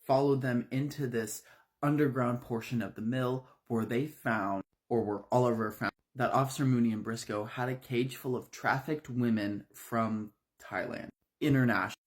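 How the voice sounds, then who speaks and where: A man's voice: medium pitch, fairly even intonation, moderate pace. A man casually retelling a horror story, in a loose, conversational way.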